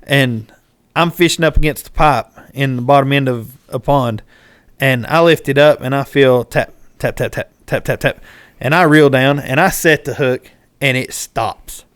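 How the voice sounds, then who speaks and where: A man, hosting a podcast and telling a fishing story in casual chat, animated and acting out what people shouted. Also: medium pitch, normal speed, clear, resonant tone, no room sound. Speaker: podcast host.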